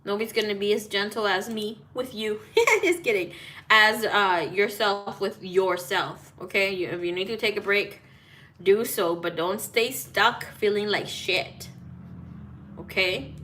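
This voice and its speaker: A woman's voice: medium pitch, fairly even intonation, unhurried, pushed and bright, a little hiss or hum. A woman talking casually to live viewers as a tarot reader, greeting people by name, cursing freely and slipping in Spanish greetings. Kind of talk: casual live-stream chat. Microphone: phone.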